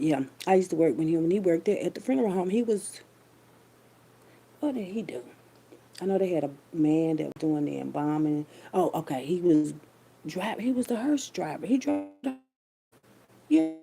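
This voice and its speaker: A woman's voice: low-pitched, vocal fry, mellow, a little hiss or hum. A middle-aged woman telling a story to her listeners in a chatty, loose way. She uses heavy slang and calls her listeners baby and child. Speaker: vlogger. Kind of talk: casual storytelling monologue.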